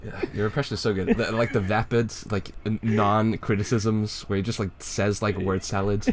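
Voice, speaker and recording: A man's voice: fairly low pitch, level tone, moderate pace, a crowd in the background. A man co-hosting a casual comedy podcast, retelling a comic with fillers and frequent laughter. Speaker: podcast co-host.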